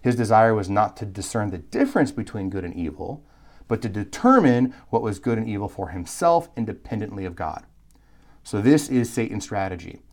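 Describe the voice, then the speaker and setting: A man teaching a live Bible course, talking in an animated, emphatic, conversational way with asides and quick restarts. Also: lowish voice. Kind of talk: live recorded lecture.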